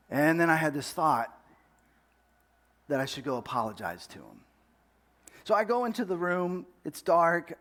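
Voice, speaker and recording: A young man telling a personal family story as testimony, earnest and animated, acting out arguments and laughing at himself. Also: on the high side. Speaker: speaker sharing a personal story.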